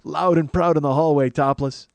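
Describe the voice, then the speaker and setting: A man in his forties hosting his own show, telling a profane, animated story that swings from low mutters to loud mock pride. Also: moderate pace, creaky, no room sound. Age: 40s. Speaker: comedian podcast host. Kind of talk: storytelling monologue.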